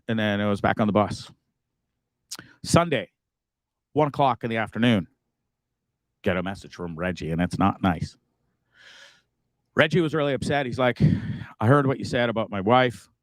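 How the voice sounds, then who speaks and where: A man's voice: medium pitch, no echo. A man from Canada hosting a live stream, rambling and remorseful, swearing freely and stammering through restarts. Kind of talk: casual live-stream monologue. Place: inside a bus.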